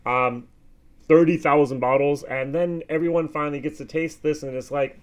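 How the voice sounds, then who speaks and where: Animated American man reviewing whisky. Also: on the high side, moderate pace. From United States. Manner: animated, expressive reactions with frequent fillers. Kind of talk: casual tasting review.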